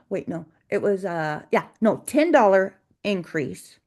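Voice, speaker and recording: A woman's voice: mid-range voice, animated, unhurried, hardly any pauses, a little mellow. A woman who runs a cleaning business, co-hosting a casual podcast and telling stories from work in a chatty way, with many restarts. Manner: chatty storytelling with frequent restarts and laughs. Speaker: cleaning business owner, co-host.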